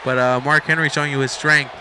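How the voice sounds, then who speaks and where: A man doing excited, rambling play-by-play commentary over a video game match, shouting at the big moves. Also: mid-range voice, fast talker, crowd noise, background noise.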